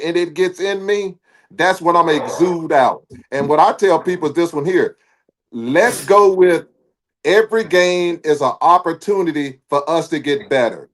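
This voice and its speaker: Man, high-pitched voice, animated, preachy, joking, casual sports talk co-host.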